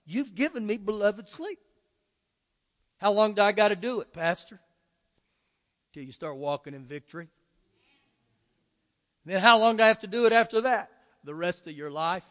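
A man preaching from the pulpit in a high, bright-edged voice, emphatic one moment and conversational the next. He slips into quoted prayers and imagined questions from his listeners. His words ring out with a long reverb through a church sanctuary. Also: expressive, normal speed, long pauses. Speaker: pastor. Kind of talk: sermon.

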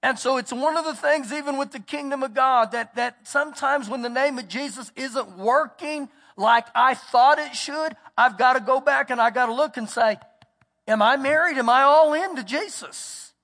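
A man's voice: very high voice, moderate pace, creaky, few pauses, sharp tone. A man, a pastor preaching an emphatic sermon and telling a story, repeating words for stress. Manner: storytelling, acts out quotes. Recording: long reverb of a church hall.

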